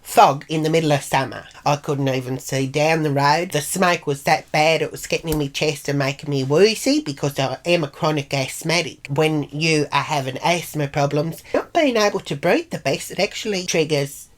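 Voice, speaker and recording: Middle-aged Australian woman with a low voice, chatty and blunt, telling stories to camera. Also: moderate pace, few pauses. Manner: chatty, blunt and sweary, acts out quoted arguments. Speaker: vlogger. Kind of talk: casual monologue vlog.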